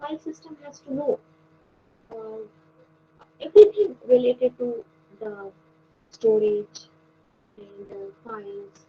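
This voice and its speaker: High-voiced woman lecturing over a call. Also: big pitch swings, vocal fry. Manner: explanatory, with frequent pauses and fillers. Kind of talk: online lecture. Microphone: video call. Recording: dull lo-fi call audio with faint noise.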